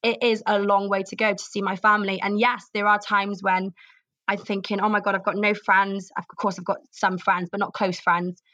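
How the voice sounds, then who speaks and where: A young Welsh actress being interviewed, talking earnestly and openly, repeating herself for emphasis. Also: female voice, mid-range voice, little pitch movement, normal speed, sharp tone, no echo. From Wales. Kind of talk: candid interview.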